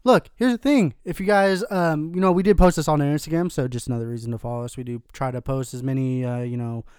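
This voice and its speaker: A man's voice: mid-range voice, fairly even intonation, fast, a little mellow, clean tone, dry recording, clean studio sound. A man co-hosting a casual podcast, rambling with lots of "you know" and "um". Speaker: podcast co-host. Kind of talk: casual chat.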